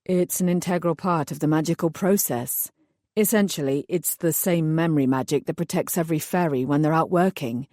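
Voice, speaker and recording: A woman's voice: low-pitched, fairly quick, dry recording, clean studio sound, natural voice. Woman reading a kind, protective male fairy. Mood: calm. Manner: quiet and earnest.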